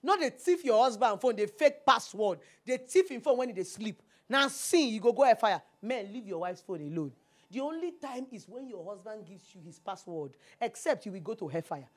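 A Nigerian woman hosting a TV call-in advice show, animated and preachy, slipping into Pidgin. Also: fairly high pitch, moderate pace. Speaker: talk show host. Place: TV studio.

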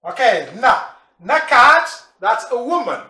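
Slow, patient teacher in an echoey room. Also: medium pitch, big pitch swings, bright, forceful tone. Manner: repeats each word slowly and patiently, with asides on dialects. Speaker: language teacher. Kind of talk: vocabulary lesson, spelling out words. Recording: roomy echo.

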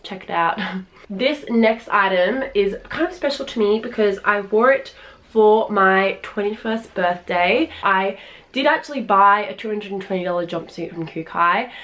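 A woman's voice: medium pitch, moderate pace, fairly bright tone. A woman in her early twenties with an Australian accent, chatting in a try-on haul video at home, gushing and filling her talk with "like" and "um". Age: early 20s. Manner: chatty and gushing, many fillers. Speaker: fashion vlogger.

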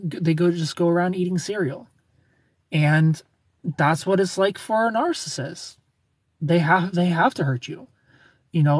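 Tired guy on a phone stream at the airport, kinda high breathy voice, rambling to chat. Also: darkish tone, dry recording. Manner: rambling, reads and answers chat, thanks followers. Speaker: live streamer. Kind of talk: casual live-stream chat. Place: airport terminal.

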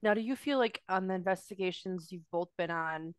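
A woman's voice: on the low side, a little fast, smooth, no room sound. A woman co-hosting a casual interview, asking questions and encouraging with frequent murmured agreement. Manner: encouraging, frequent "mm-hmm" back-channel. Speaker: co-host.

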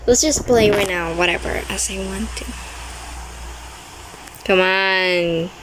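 A woman's voice: mid-range voice, slow pace, noisy background. Jumpy young woman narrating her gameplay. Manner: jumpy and easily scared, frequent exclamations; non-native English grammar. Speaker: gaming video creator. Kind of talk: casual gameplay commentary.

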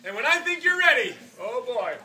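A man in his forties giving an earnest, animated motivational talk to children as a swim clinic coach, dropping soft and then bursting loud, in a large indoor pool hall. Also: very high-pitched, brisk, crowd noise. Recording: echoey, distant, noisy hall.

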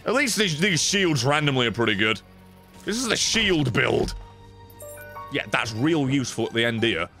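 A streamer commentates on a video game in a jokey, excitable way, swearing a lot, with game music playing behind him. He has a medium-pitched voice and a moderate pace.

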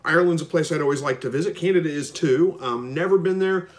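A man hosting a live stream, reading viewer comments and answering them in a relaxed, rambling way with lots of ums. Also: fairly high pitch, fast. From Missouri. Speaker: livestream host answering viewer questions. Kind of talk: casual live chat, reading comments aloud.

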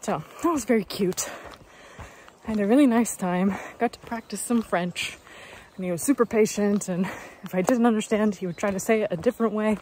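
Young woman, hiking vlogger, outdoors, chatty storytelling, mid pitch, faint noise behind. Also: brisk, darkish tone. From Canada. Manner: chatty, upbeat storytelling with many fillers. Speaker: hiker vlogger. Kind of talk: casual chat to camera.

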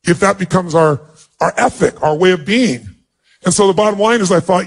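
Husky guy, kinda high voice, earnest emotional storytelling to a crowd. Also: lively intonation, fairly quick. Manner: earnest, emotional storytelling, pitch jumps up when acting out dialogue. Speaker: motivational speaker. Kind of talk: personal story told to an audience.

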